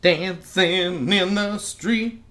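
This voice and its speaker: A woman's voice: lowish voice, extremely slow, a bit bright. A woman co-hosting a casual chat, making wry, playful asides about a movie. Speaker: podcast co-host.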